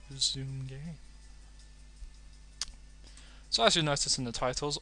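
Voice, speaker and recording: A young British man narrating his game playthrough with playful, self-mocking asides. His voice sits a bit high and sounds bright and forceful. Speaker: let's play host. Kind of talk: game commentary.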